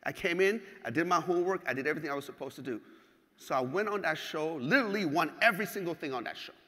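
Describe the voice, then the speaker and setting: Bright-voiced man giving a keynote. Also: fairly high pitch. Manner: animated and profane, acts out scenes. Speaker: keynote speaker. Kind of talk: motivational keynote storytelling. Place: large hall. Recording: hall with long reverb.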